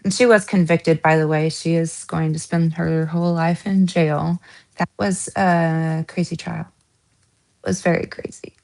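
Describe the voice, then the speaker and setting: A woman's voice: low-pitched, steady tone, unhurried, vocal fry, a little mellow. A woman from the American South with a Southern accent, hosting a casual true crime chat, giggly with lots of ums and restarts. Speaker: true crime channel host.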